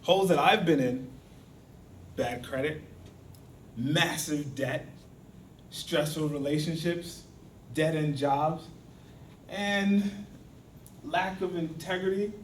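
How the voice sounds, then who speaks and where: A man delivers a storytelling speech at a speaking club and acts out the lines of the characters in his tale with real animation. His voice sits slightly high for a man. It is picked up from a distance, bouncing around a roomy hall with a faint murmur of the space behind him. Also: slow pace, long pauses, a little hiss or hum. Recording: echoey hall from far off.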